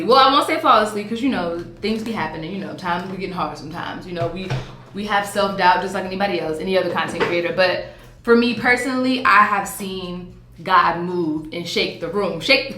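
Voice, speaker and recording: A woman, talking to camera in a chatty, animated, playful vlog style. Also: medium pitch, reverberant. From Virginia, USA. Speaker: vlogger. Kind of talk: casual vlog talk to camera. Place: hotel room on vacation.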